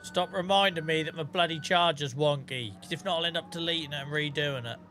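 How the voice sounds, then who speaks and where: A man's voice: fairly high pitch, brisk, bright, forceful tone, soft background music. A man live-streaming a farming game, chatting casually, swearing, and thanking viewers by name.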